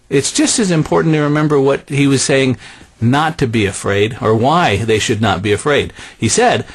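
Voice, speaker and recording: Brief: conversational male preacher; animated delivery that drops soft on key phrases. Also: on the high side, normal speed, breathy edge. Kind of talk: sermon.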